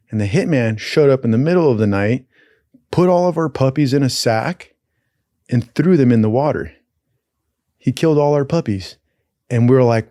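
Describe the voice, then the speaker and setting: A young man telling profane stories in a casual, animated way, acting out the people in them. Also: medium pitch, dry recording, clean studio sound. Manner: profane, animated, acts out voices in his stories. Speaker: podcast host telling stories. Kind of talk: casual storytelling.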